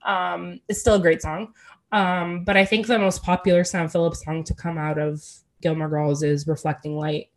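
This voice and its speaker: A woman's voice: fairly low pitch, level tone, moderate pace. A woman co-hosting a casual podcast, opinionated and enthusiastic, with many fillers. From Canada. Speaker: podcast co-host.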